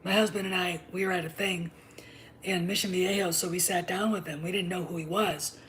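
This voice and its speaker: A middle-aged woman hosting a livestream, talking in an emphatic, combative way and often dropping to a low whisper. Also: fairly even intonation, fairly quick, fairly bright tone, slight background noise. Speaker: show host. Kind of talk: opinionated livestream monologue.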